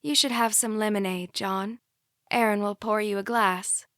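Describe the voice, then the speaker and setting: A woman's voice: mid-range voice, steady tone, moderate pace, fairly bright tone, no room sound, clean studio sound, natural voice. Woman doing a fragile Georgia-drawling mother. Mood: strained polite. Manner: polite, strained. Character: nervous Southern mother, polite and fragile.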